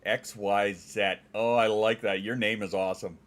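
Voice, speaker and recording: A middle-aged man with a Western Canadian accent, chatting casually on a stream, joking and enunciating clearly like a trained former DJ. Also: lowish voice, steady tone, normal speed, a bit bright. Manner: joking, dad jokes. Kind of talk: casual chat reading viewer comments.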